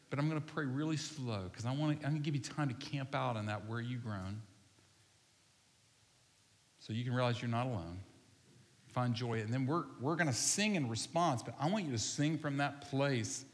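Male pastor, casual folksy preaching style, medium pitch, church hall with long reverb. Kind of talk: sermon and closing prayer. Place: church sanctuary.

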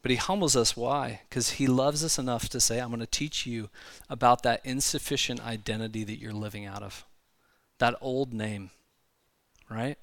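A man preaching a sermon in a church, talking conversationally with frequent asides and quick restarts. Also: mid-range voice, steady tone, a bit bright, no room sound, clean studio sound. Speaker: pastor. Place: church sanctuary.

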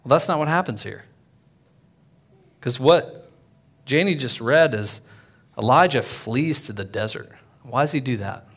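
A man's voice: mid-range voice, measured pace, long pauses. Chatty man preaching a sermon. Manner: conversational, many fillers like "like" and "right?"; lively, swings loud then quiet. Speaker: pastor.

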